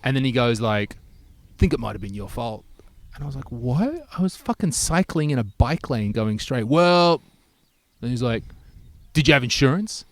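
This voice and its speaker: A man's voice: medium pitch, normal speed, long pauses, dry recording. A man, telling a long story in casual chat, swearing freely and acting out what people said. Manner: animated storyteller, swears freely, acts out quotes.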